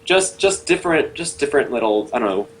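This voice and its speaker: A man's voice: mid-range voice, lively intonation, fast, a crowd in the background, low-quality recording. A man co-hosting a casual webcast over a call. He rambles with lots of fillers and laughs easily. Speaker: webcast co-host.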